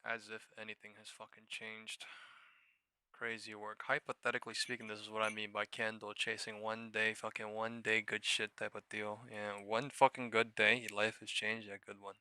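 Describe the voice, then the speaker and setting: A man's voice: fairly low pitch, level tone, normal speed, bright, forceful tone, smooth, dry recording. A young man hosting a live trading stream, swearing freely and mocking viewers in chat. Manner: profane, mocking, reacts to chat. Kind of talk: casual livestream commentary.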